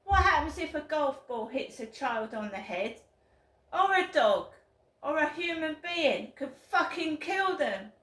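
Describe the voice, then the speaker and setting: Angry woman vlogger, high voice, slow bitter delivery, roomy echo. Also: lively intonation. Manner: bitter, swearing, shouting outbursts. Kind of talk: angry ranting vlog. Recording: roomy echo, mic at a distance.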